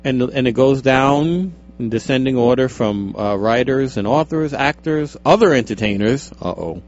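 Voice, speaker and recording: A man's voice: medium pitch, normal speed, a little hiss or hum. A man co-hosting a radio show, reading statistics from a report aloud in casual chat and cracking jokes along the way. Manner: jokey, wanders off into asides while reading figures. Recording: dull lo-fi radio stream.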